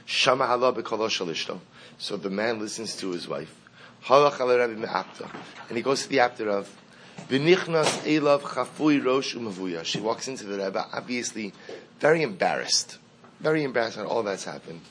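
A man's voice: mid-range voice, animated, moderate pace, fairly bright tone, a little hiss or hum. Man teaching a Hasidic tale, emphatic repeats. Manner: translates Hebrew text line by line, repeating words emphatically. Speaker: Torah teacher. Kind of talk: reading and explaining a Hasidic story in class.

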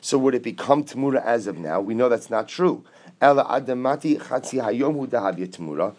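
A man's voice: mid-range voice, animated, a little fast, darkish tone. Man teaching a Talmud class. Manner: explains step by step with rhetorical questions; mixes English with Aramaic and Hebrew quotes.

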